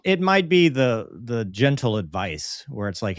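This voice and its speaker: A man in a casual podcast chat, explaining a point with a lively made-up example. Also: medium pitch, moderate pace, no echo, studio quality.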